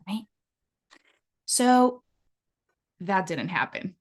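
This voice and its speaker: Slow-talking Mexican-accented woman. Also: fairly high pitch, animated. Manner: earnest, reflective, often adds "right?". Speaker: relationship coach. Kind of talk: explanatory interview talk.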